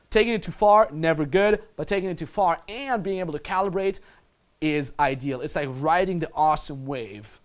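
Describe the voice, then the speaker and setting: A man coaching the listener on dating in a casual, blunt manner, swearing freely and calling the listener "my friend". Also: fairly high pitch. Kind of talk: instructional monologue.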